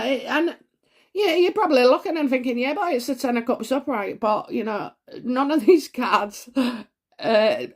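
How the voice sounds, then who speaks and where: Rambling woman reading tarot. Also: on the high side. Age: 40s. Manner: rambling, hesitant, full of fillers and gasps. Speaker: tarot reader. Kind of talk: solo tarot reading vlog.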